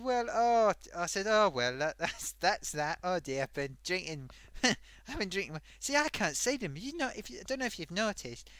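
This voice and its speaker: A performer voicing a chatty old grandmother sock puppet who hosts a live stream and tells a rambling story. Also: no room sound. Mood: amused. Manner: rambling, animated, wild pitch swings.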